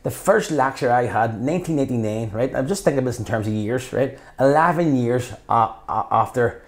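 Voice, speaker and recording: A man's voice: mid-range voice, brisk. A man in his fifties with a Belfast accent, a guest in an interview telling his stories with passion and acting out what people said. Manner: passionate, animated storyteller who acts out quotes. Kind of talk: conversational interview.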